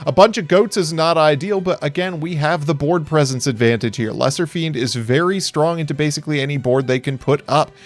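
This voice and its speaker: A man's voice: on the high side, a little fast, few pauses. A man giving casual play-by-play commentary on card game duels, wry and upbeat, talking to viewers as folks, with hiccups breaking in.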